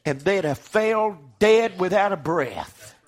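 Male preacher, higher-pitched voice, impassioned sermon with sharp loud-to-soft swings. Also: animated, slow. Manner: fervent, swings from loud declaiming to hushed.

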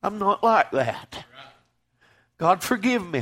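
Fervent preacher, high-pitched man. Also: lively intonation, a little slow. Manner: fervent, swings from loud declaiming to hushed. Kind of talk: sermon.

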